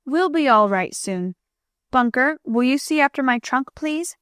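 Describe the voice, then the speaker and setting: A woman voicing a kind, cheerful aunt who speaks gently in a storybook. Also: sits high, animated, measured pace, no room sound, clean studio sound. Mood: kindly. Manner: gentle, soothing.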